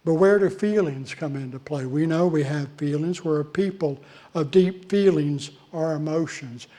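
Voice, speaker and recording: A male pastor preaching a sermon in a measured way, with deliberate pauses between phrases. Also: fairly high pitch, mellow. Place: church.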